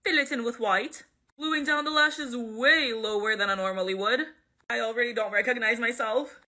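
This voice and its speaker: A woman vlogger chatting excitedly through a makeup tutorial, laughing often. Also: fairly high pitch, brisk. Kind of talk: casual makeup tutorial vlog.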